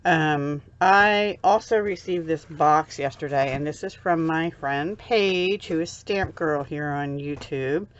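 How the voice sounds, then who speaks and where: A woman's voice: sits low, slow, hardly any pauses, dull audio. A middle-aged woman from the USA chatting casually on her crafting vlog, gushing and easily touched as she unboxes handmade cards at home. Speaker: crafting vlogger.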